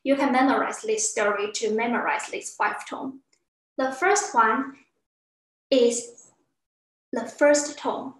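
Female teacher, high and unhurried, patient, demonstrates sounds with exaggerated pitch; roomy classroom sound. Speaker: Chinese language teacher.

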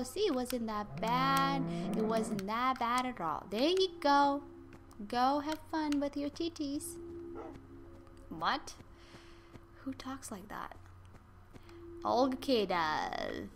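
A woman's voice: sits high, animated, takes it slowly, pauses often, fairly bright tone, slight background noise. A woman hosting a casual game commentary, chatting to the animals and sometimes breaking into squeals or whispers. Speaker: gaming channel host. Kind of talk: casual let's-play commentary.

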